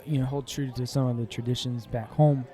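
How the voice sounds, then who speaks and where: A man co-hosting a podcast, acting out an improvised comedy date in a deadpan way, often breaking into laughter and fake tears. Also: mid-range voice, fairly quick. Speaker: podcast co-host.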